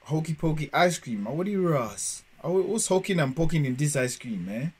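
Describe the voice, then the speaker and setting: Animated man reacting casually. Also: on the high side, normal speed, slightly rough. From Nigeria. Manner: playful, slangy, animated remarks. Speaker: reaction video host.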